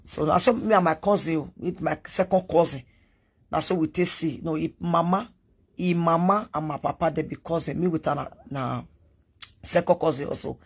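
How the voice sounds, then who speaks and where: A woman with a Nigerian accent and a deep, slightly rough voice hosts a live stream, speaking at normal speed. She tells her viewers a family story in casual, chatty talk that drifts between Pidgin and English.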